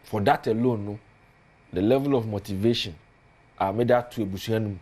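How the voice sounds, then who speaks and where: A man's voice: on the low side, fairly quick, darkish tone. A man with a Ghanaian accent, a politician guest on a studio talk show, speaking earnestly and building emphasis as he lists points.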